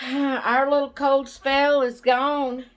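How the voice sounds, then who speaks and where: This doll channel vlogger has a high-pitched voice with a level tone. Chatting slowly and casually to camera, she gets distracted easily and sounds slightly short of breath because of her asthma.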